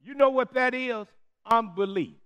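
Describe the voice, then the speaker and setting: A very high-pitched preacher leading a call-and-response sermon. He speaks slowly, drawing out the key words and leaving gaps for the congregation to answer. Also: animated, fairly bright tone. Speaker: Methodist preacher.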